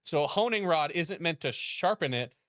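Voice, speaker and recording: A man who works as a chef, telling a story in casual chat, animated, laughing often and acting out quoted dialogue. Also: fairly high pitch, normal speed, no echo, clean studio sound. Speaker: guest, chef.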